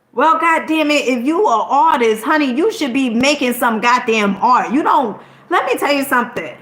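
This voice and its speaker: A woman content creator gives a motivational talk to camera, speaking straight to her audience in an emphatic, preachy way. Her slightly high, somewhat bright voice is animated, at a moderate pace with hardly any pauses, and she checks in with "okay?" after nearly every point, swearing now and then. The sound has a noticeable room echo.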